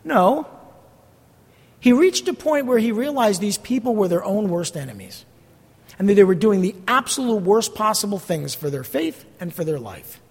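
A man's voice: sits high, very animated, moderate pace. A middle-aged man preaching a sermon as pastor, earnest, blunt and emphatic as he teaches from scripture. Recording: long hall reverb.

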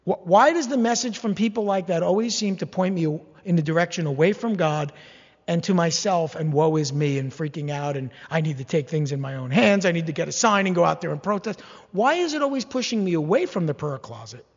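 A man preaching a sermon, animated and humorous, slipping into mock-whining voices as he acts out complaints. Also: fairly high pitch, brisk, in a large hall, highs cut off. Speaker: pastor.

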